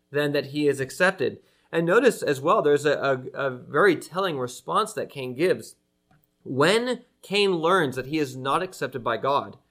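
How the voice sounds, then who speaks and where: A pastor preaching an earnest, emphatic sermon to his church, slowing down to stress key phrases. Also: fairly high pitch, fairly bright tone. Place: church with an online audience.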